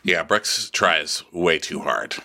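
A man's voice: a bass voice, lively intonation, takes it slowly, creaky, pushed and bright. A man co-hosting a casual reality TV recap podcast, snarky and doing camp impressions of the cast. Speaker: podcast co-host.

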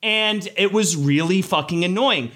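A man co-hosts a gossip podcast, telling animated, sweary anecdotes. His voice is bright and forceful, and his pitch sits a little high for a man. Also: measured pace. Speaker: podcast co-host. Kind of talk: casual gossip chat.

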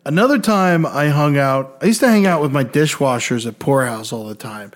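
Young male podcast co-host, light, higher voice, animated and profane storyteller. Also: normal speed. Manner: animated, profane, mimics other people's voices. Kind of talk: casual storytelling.

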